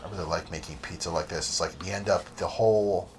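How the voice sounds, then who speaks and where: A man's voice: low-pitched, fast talker. A man hosting a cooking show, chatting casually and rambling easily, with frequent laughs, in a community TV studio. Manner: easygoing, rambling, laughs often. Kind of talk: casual chat over cooking footage. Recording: noisy community TV studio audio.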